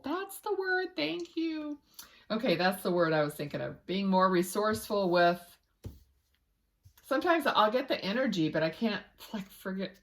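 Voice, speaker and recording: A woman with a fairly low voice gives a tarot reading as a psychic medium, rambling casually. She frequently hunts for words and starts over, softly murmuring to spirit between cards.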